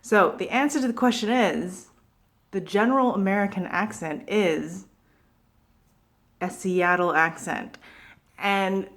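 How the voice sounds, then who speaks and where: A woman's voice: medium pitch, takes it slowly, pauses often, a bit bright. A young woman from Vancouver with a Pacific Northwest Canadian accent, ranting casually to camera in a chatty way full of asides and fillers. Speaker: vlogger. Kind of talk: casual opinion rant to camera.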